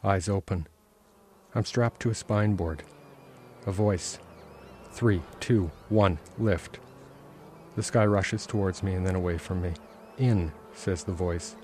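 A man, the author, reading aloud from his own novel in a measured, intense first-person narration. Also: low-pitched, darkish tone, a little hiss or hum. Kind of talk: literary reading.

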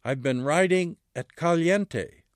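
A man reads out an earnest young jockey in a lifted, higher voice, pressing his point again and again. The lines come insistent and pleading, set in a dry, close space. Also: slow, no room sound.

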